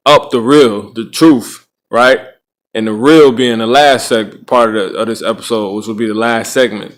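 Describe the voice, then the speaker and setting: A man's voice: fairly low pitch, a bit bright. A man hosting a podcast of casual religious commentary, rambling, restarting phrases and tagging lines with "right?". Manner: rambling, frequent "right?" tag questions. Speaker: podcast host.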